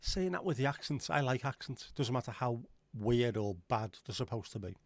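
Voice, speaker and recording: In an animated mid-range voice at normal speed, a male livestream host reads viewer comments and chats casually. He rambles, jokes around, and swears without much thought, and the audio has no room sound.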